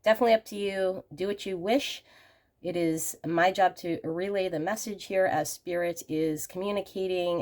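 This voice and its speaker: A woman hosting a pick-a-card tarot reading, talking gently and reassuringly to viewers, her voice a little hoarse from a cold. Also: on the low side. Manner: gentle, reassuring, addresses viewers warmly as friends. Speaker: tarot reader and channel host.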